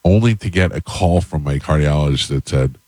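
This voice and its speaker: A middle-aged male radio host with a very low voice tells a story in a relaxed, deadpan way, playing both sides of his phone calls. He is recorded close on a studio mic in a dead-dry room. His delivery stays unhurried and matter-of-fact. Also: no echo. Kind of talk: casual on-air chat and storytelling.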